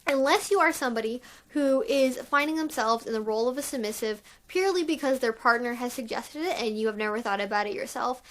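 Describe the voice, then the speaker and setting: A woman's voice: on the high side, fast talker, hardly any pauses. A woman hosting her own channel, talking in a frank, chatty way with lots of casual fillers. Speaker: channel host. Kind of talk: candid conversational vlog talk.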